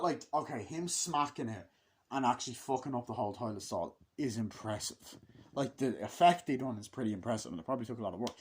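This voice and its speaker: This man's voice sits a little high and has a breathy edge. He delivers a casual, off-the-cuff film review that wanders, with heavy cursing and plenty of fillers.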